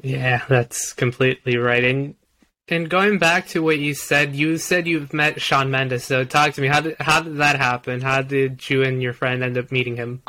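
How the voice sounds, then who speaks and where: Brief: male host, bright forward tone, easygoing questions. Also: mid-range voice, fairly even intonation, normal speed. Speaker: interview host. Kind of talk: casual interview.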